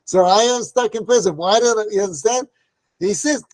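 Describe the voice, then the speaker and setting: A man's voice: high-pitched, normal speed, darkish tone, no room sound. A man teaching a Torah class, telling stories in a conversational way with frequent "right?" asides and acted-out quotes. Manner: acts out quoted voices in stories.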